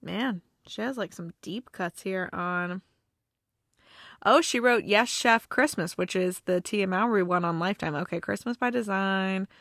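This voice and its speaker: A woman's voice: mid-range voice, unhurried, fairly bright tone, dry recording, studio quality. A woman reviewing holiday movies in a casual, gushing, emotional chat, with lots of fillers.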